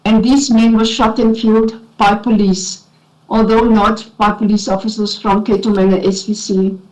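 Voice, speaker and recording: A South African woman testifying as a witness at a formal inquiry, emotional and shaky, speaking earnestly with halting restarts. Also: medium pitch, level tone, a little mellow. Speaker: witness, former police investigator. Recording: dull lo-fi hearing recording.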